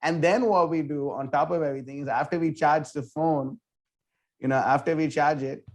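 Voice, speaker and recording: A man with a slightly raised voice speaks in a relaxed interview. He tells his story eagerly and scatters fillers through every sentence. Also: a little high, normal speed. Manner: animated, filler-heavy, with many "like" and "you know". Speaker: temple book distribution leader.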